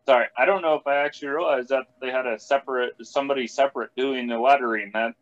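Hesitant man, halting casual talk. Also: medium pitch, steady tone. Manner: hesitant, halting, lots of restarts. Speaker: podcast regular. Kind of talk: casual chat. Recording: dull lo-fi sound.

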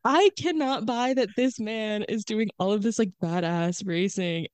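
Smooth-voiced woman podcast co-host. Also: mid-range voice, a little slow, no room sound. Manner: animated, acts out quoted lines. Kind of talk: casual chat.

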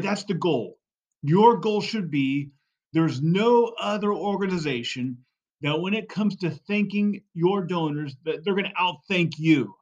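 A man with a slightly high voice gives a fundraising coaching talk as a podcast monologue. He's emphatic, repeats key phrases, and keeps checking in with "right?" and "okay?", all in dull audio.

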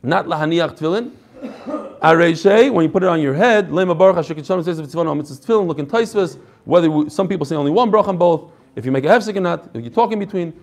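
A man's voice: a little high, animated, very fast, few pauses. A male Torah teacher giving a classroom lecture, reading each phrase and then explaining it with energy, adding chatty asides and jokes.

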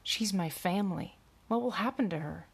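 A woman's voice: medium pitch, normal speed, gravelly, slightly rough. A woman voicing a young male farmhand who pleads in plain, earnest words. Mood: desperate pleading.

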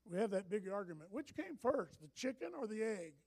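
High gravelly impassioned preacher. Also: male voice, a little fast. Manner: animated, impassioned, often shouting. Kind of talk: sermon.

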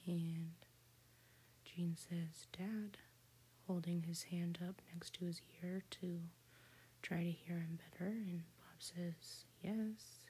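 Whispered role-play, lady narrating a cartoon ep, low mellow airy whisper. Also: monotone, slight background noise. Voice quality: breathy whisper. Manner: slow, soft retelling of a cartoon episode. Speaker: storyteller.

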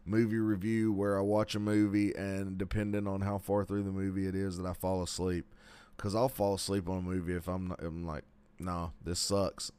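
A man's voice: sits low, flat delivery, fairly quick, dark tone, clean tone. A man hosting a podcast, chatting casually and joking with frequent laughs. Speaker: podcast host. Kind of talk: casual chat.

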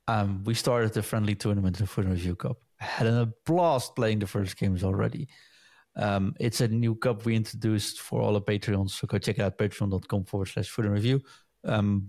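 A man hosting a casual podcast chat, leading the segments in a relaxed, chatty way. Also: lowish voice. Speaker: podcast host.

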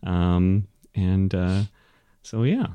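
Slow, halting game master man. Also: low-pitched, clear, resonant tone, dry recording, muffled recording. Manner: halting, full of fillers. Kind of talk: narrating a tabletop game.

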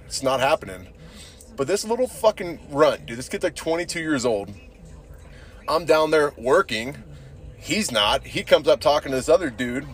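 A young man hosting a podcast, telling a rambling, crude story and cursing a lot, filling it with "dude". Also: medium pitch. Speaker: podcast host. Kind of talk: casual profane storytelling.

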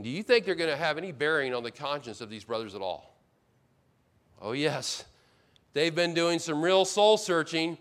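During a sermon, a medium-pitched male pastor paraphrases the figures of a Bible story. He shifts back and forth between loud, emphatic lines and hushed asides.

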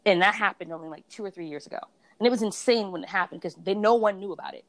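A woman's voice: medium pitch, quick pace. A woman in a casual conversation about beauty brands, a reviewer and blogger who tells her stories with animation and acts out other people's voices.

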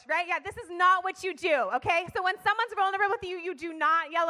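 Speaking to a church audience, a young adult woman shares her story in a passionate, emphatic sermon style and calls for responses. Her voice is very high-pitched, fast, pushed and bright.

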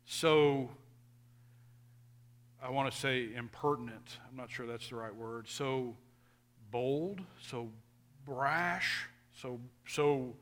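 A male pastor, preaching a sermon earnestly and emphatically, now and then dropping to quiet asides. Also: mid-range voice.

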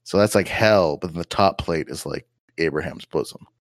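A man's voice: low voice, moderate pace, no echo, studio quality. A man co-hosting a podcast, talking loosely with lots of restarts and fillers. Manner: rambling, with many restarts and fillers. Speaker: podcast co-host. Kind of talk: casual chat.

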